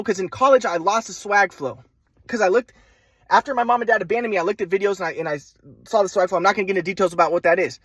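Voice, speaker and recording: A man's voice: sits high, very fast, a bit bright, no room sound. A young man telling a personal story in a rambling way, full of restarts and repeated words.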